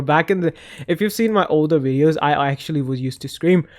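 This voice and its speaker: A young man giving casual opinion commentary on games, rambling and animated, often cutting himself off mid-sentence. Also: fairly high pitch, fast, soft background music. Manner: rambling, animated, self-interrupting. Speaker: gaming video creator.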